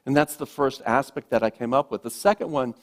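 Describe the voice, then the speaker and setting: A man, a minister, giving a gentle, reflective sermon with slow, emphatic pauses, speaking to a congregation in a church. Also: medium pitch. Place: church sanctuary.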